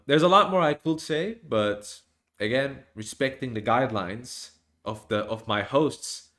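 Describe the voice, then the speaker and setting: Guy rambling on a stream, mid pitch, tons of likes and you knows. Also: fairly bright tone. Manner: rambling, with many fillers and restarts. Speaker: online commentator and streamer. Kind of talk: casual rambling stream talk.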